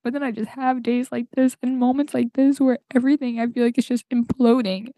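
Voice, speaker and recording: A young woman recording a tearful, halting personal monologue on her podcast mic, crying and sniffling as she searches for words. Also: on the high side, flat delivery, warm tone, no room sound. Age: young adult. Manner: halting, full of fillers and restarts. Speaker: podcast host. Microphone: home podcast mic.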